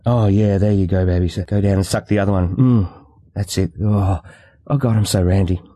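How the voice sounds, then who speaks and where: Brief: man voicing an eager, teasing woman in an audiobook, mellow tone. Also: low voice, fairly even intonation, a little fast, no room sound, close to an everyday voice. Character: bold, uninhibited adult woman.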